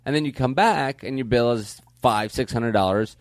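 A man co-hosting a comedy podcast, telling a story in a halting, rambling way. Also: mid-range voice, no echo, clean studio sound. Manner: rambling, halting, lots of restarts. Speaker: podcast co-host. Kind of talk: casual comedic banter.

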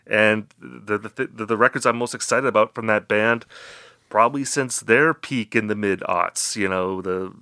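A man's voice: on the low side, steady tone, normal speed, bright, forceful tone, clean tone, no echo, clean studio sound. A man co-hosting a casual music podcast, jokey and upbeat as he reads out listener questions. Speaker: podcast co-host.

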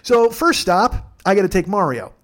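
A man with a noticeably high voice spins a casual comedic story. He swears freely and jumps into quick, animated voices for each person in the tale. He records at a friend's house. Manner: profane, animated, acts out dialogue in quick voices.

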